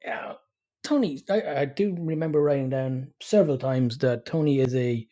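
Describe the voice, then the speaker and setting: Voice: mid-range voice, moderate pace, dark tone. A podcast co-host chatting casually about a film, wry and dry in their put-downs. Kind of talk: casual movie review chat.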